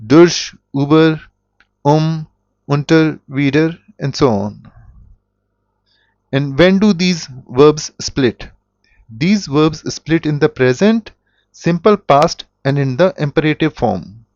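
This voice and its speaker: Slow-speaking man teaching. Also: a little high, a little mellow, no echo. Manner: slow, deliberate, with self-corrections. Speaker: German teacher. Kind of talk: explanatory language lesson. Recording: dull, dry lo-fi audio.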